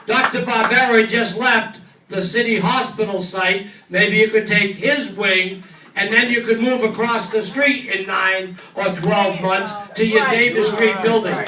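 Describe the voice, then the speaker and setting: A man's voice: high-pitched, sharp tone. An older man, a state representative, speaking emphatically at a public meeting and repeating his key phrases. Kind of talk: speech at a public neighborhood meeting. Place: large meeting hall with a crowd. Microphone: distant room microphone. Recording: echoey hall, far from the mic, crowd noise.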